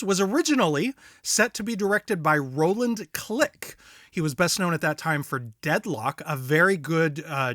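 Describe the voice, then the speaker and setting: Male podcast host, jokey and quick to laugh, bright tone, dry sound. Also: high voice, dry recording. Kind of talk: casual chat with read-out film notes.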